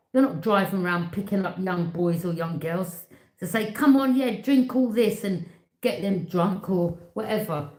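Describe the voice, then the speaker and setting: A woman with a mid-range, darkish voice gives a casual tarot reading in an echoey room. She talks bluntly and emphatically, repeating herself and addressing the viewer directly.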